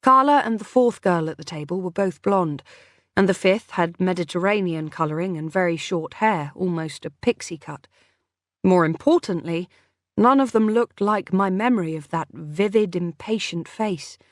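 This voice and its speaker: A woman narrating a first-person mystery audiobook in an even, measured way. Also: on the low side, no echo, clean studio sound.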